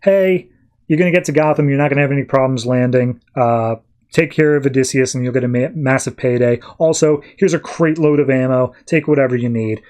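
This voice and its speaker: A man's voice: mid-range voice, brisk, a little mellow, close to an everyday voice. Man doing a breezy, businesslike fixer. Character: brisk male fixer handing out orders.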